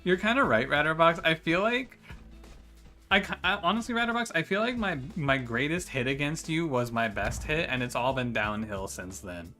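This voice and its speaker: A man with a bright, forward voice chats loosely with his viewers while he plays, cursing casually and laughing between thoughts. Faint music sits under his talk. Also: on the high side, expressive, normal speed. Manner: chatty, swears freely, laughs while talking to chat. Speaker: game streamer. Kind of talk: casual live-stream chat.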